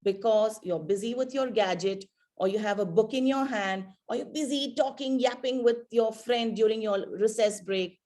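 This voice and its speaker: Woman keynote speaker talking to teens, slightly high voice, chatty and full of questions to the audience. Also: normal speed, dark tone. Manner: conversational, asks the audience questions, frequent fillers. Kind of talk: motivational talk to teenagers.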